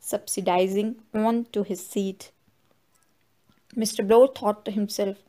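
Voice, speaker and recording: A woman reading a novel aloud in measured, even scripted narration. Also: medium pitch. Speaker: audiobook narrator.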